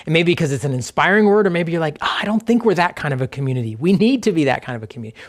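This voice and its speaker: A man leading a church service as pastor, guiding a quiet reflection and reading scripture slowly with gentle pauses. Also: fairly high pitch. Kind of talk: reflective sermon with guided scripture meditation.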